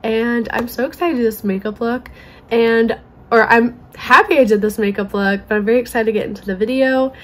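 Chatty young woman, slightly higher voice. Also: fairly even intonation, a little fast, fairly bright tone. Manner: chatty, self-deprecating, giggly. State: slightly hoarse from allergies. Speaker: beauty vlogger. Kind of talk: casual makeup tutorial chat.

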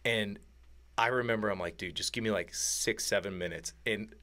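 A man's voice: fairly low pitch, normal speed. Laid-back man telling a hunting story. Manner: animated, laughing, acts out quoted lines. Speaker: podcast guest. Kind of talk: casual storytelling.

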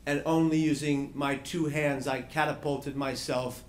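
Man telling a dramatic story, fairly high voice. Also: steady tone, a little hiss or hum. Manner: measured, dramatic storytelling with long pauses. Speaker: panel speaker. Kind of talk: personal story told to an audience. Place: conference room.

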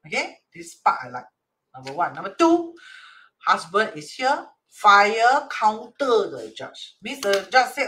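Singaporean teacher with a bright voice. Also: medium pitch, very animated, measured pace, slight background noise. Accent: Singaporean English. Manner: acts out quoted dialogue, constantly checks with "right?"; mixes in Chinese and Hokkien words. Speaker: Chinese metaphysics teacher. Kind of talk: explaining a divination chart reading.

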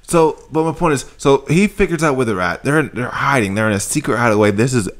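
A man talks in a loose, animated podcast rant, mid-pitched and ordinary in tone. He keeps slipping into mocking little impressions of the characters he is reviewing. His delivery is quick and conversational. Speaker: podcast co-host. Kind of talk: casual chat, ranting review.

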